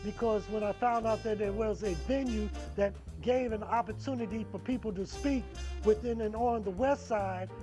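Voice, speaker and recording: Brief: earnest, slightly formal man interviewee, steady talk, clear music bed behind. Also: high-pitched. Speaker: media owner interviewee.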